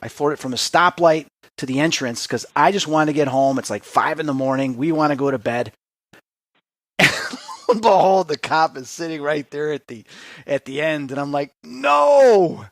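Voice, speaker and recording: A man hosting an interview, telling stories in a lively way and laughing often. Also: on the high side, moderate pace, dry recording, clean studio sound. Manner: lively, laughing anecdote teller. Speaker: host. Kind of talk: casual interview talk.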